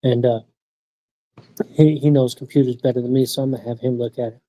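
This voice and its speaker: A man's voice: medium pitch, fairly even intonation, brisk, warm tone, dry recording, poor audio. A young man chatting casually on a livestream, slangy and swearing, laughing often. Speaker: streamer. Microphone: streaming mic.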